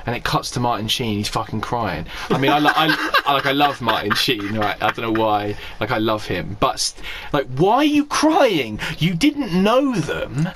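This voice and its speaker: A man's voice: fairly low pitch, normal speed, hardly any pauses, background noise. A man from Scotland co-hosting a podcast, ranting in a casual comedic way, exasperated and sweary, often laughing. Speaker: podcast co-host.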